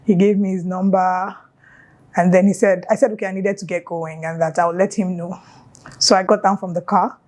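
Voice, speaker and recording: A woman's voice: lowish voice, level tone, moderate pace, darkish tone. A young woman with a Nigerian accent, chatting to the camera as she tells a story on her vlog, full of playful local asides. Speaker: YouTuber.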